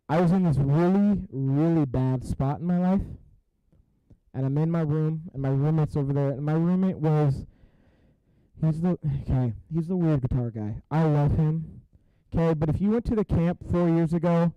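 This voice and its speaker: Animated young male youth preacher. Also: high voice, smooth, no room sound, poor audio. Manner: animated and joking, drops to a hushed tone for serious parts. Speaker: youth pastor. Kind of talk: youth sermon storytelling.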